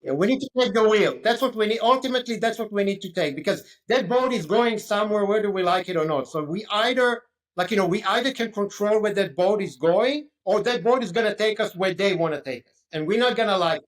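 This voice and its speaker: A man's voice: sits high, lively intonation, brisk, hardly any pauses. A man speaking as a guest on a casual podcast, insistent, with lots of loose filler words. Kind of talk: casual conversational podcast talk.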